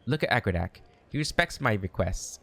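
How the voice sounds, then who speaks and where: A proud, wounded half-elf woman from a game, read aloud in a low voice by a man. He speaks her lines plainly and does not put on a woman's voice. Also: expressive, moderate pace, fairly bright tone. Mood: reproachful. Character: hurt, proud female half-elf companion.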